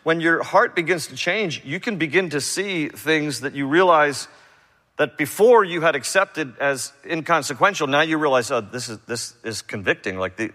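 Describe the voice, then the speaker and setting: A male pastor teaches through a passage in a relaxed, animated way, tossing in casual asides between verses. His voice is bright and forceful, and it rings out with a long reverb through the church sanctuary. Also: mid-range voice. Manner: conversational, animated preaching with quick asides. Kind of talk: verse-by-verse sermon.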